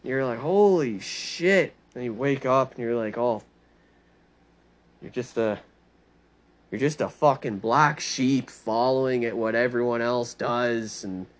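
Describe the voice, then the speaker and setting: A man's voice: medium pitch, unhurried, long pauses. A man ranting in a rambling monologue, swearing constantly and mocking people with heavy sarcasm. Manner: rambling, animated storytelling. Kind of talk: profane monologue rant.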